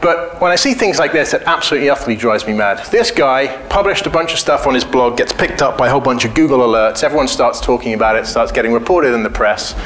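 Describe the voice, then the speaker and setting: A man's voice: mid-range voice, lively intonation, fast talker, hardly any pauses, a bit bright, a little hiss or hum. A man giving a casual conference talk, blunt and joking, telling anecdotes and swearing freely. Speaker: conference speaker. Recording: echoey hall.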